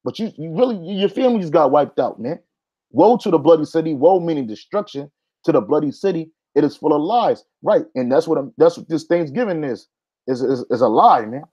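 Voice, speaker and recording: Man, emphatic bible teaching, higher voice, mellow tone, muffled lo-fi. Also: animated, fairly quick. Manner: emphatic, says "man" often. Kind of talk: religious teaching talk. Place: Hawaii.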